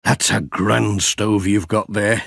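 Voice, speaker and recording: A man's voice: fairly low pitch, fairly even intonation, slow pace, gravelly, fairly bright tone, no room sound, clean studio sound, full character voice. A man reading aloud and voicing a cheerful, friendly village postman.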